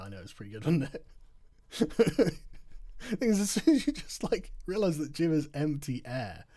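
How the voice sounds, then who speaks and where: Tired man mocking on a late livestream. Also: mid-range voice. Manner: mocking, laughing often, swears freely. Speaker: livestream host. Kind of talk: casual livestream chat reading super chats.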